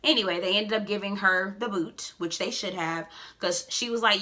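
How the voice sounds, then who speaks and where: A woman giving a casual, sassy recap of a reality show, with expressive asides and big swings in pitch. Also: moderate pace.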